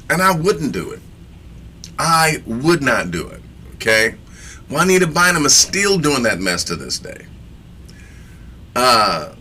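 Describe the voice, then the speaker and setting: Bright-voiced man teaching scripture. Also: medium pitch, a little hiss or hum. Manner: reads scripture aloud and comments with slangy asides; emphatic, repeats phrases for effect. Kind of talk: casual sermon teaching.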